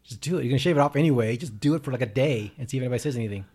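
A man's voice: medium pitch, rapid-fire, darkish tone. A man co-hosting a podcast, teasing his friend with crude jokes. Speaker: podcast co-host. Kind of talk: casual chat.

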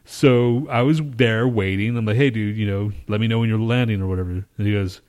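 A man's voice: lowish voice, steady tone, a little fast, a little mellow. A man co-hosting a podcast, telling a long story in a casual, profane, rambling way and acting out his own reactions. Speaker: podcast co-host.

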